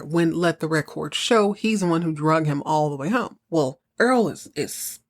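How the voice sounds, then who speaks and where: A woman with a Southern US accent hosting a podcast, recapping a TV episode in a casual, animated way and acting out characters' lines. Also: low-pitched, normal speed, few pauses. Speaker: podcast host.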